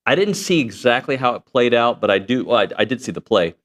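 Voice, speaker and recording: A man's voice: medium pitch, lively intonation, quick pace, a bit bright. A man hosting a sports talk show, chatting casually with some rambling and fillers. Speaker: sports radio host.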